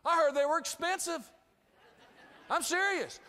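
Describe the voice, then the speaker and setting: A man giving an inspirational talk, telling a humorous story with lively, acted-out dialogue to a live audience. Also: very high voice, moderate pace, long pauses. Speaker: inspirational speaker. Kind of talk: storytelling keynote speech. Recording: hall reverb.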